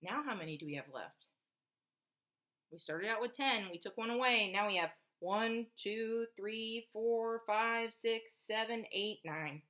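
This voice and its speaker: A woman's voice: fairly high pitch, unhurried, sharp tone. A woman, a preschool teacher, reading a picture book aloud to children, counting along and asking them questions. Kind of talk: read-aloud storytelling for children.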